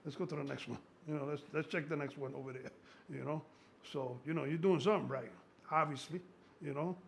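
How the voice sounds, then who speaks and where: A gravelly man in his sixties talks shop like a strength coach, slightly high-pitched and worked up. He rambles and swears freely as he tells his stories, with a faint hiss of noise under his voice. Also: fairly quick. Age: 60s. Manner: excitable, profane, rambling storyteller. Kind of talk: casual conversation.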